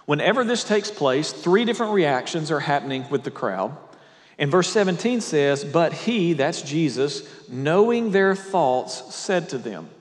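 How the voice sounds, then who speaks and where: A man's voice: on the high side, very animated, unhurried, long reverb tail. A male pastor preaching a sermon, walking through scripture verse by verse with conversational asides to his listeners.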